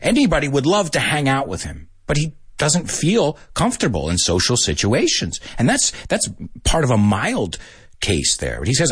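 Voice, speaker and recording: A man of middling pitch hosts an easygoing talk, hopping between English and Spanish. His delivery swings widely in pitch, with a slightly husky grain, and he chuckles often. The sound is dry and close. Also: wildly swooping pitch, moderate pace, dry recording. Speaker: podcast host teaching Spanish speakers English. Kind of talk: casual bilingual chat.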